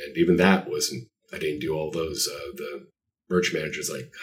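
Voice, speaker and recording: A man's voice: extremely low pitch, fairly even intonation, moderate pace, distant mic. A man being interviewed about his art, telling stories in a rambling, self-deprecating way with lots of fillers. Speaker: artist guest. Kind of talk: casual interview chat.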